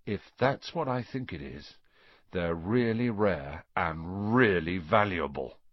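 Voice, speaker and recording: A man voicing an eager, excitable schoolboy friend in an audiobook. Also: deep voice, slow pace, no echo, muffled recording, voice pushed down, heavily acted. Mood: awed, excited. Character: boy wizard, eager and excitable.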